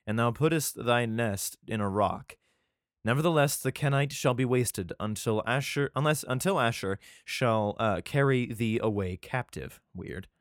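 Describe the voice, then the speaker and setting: A man hosts a podcast and reads old scripture aloud. His pitch swings up and down with animated energy. He trips over the archaic words and keeps breaking in with crude, irreverent remarks, recorded dry with no room sound. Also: dry recording. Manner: irreverent, profane asides, stumbles over words. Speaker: podcast host. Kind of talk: casual scripture reading with commentary.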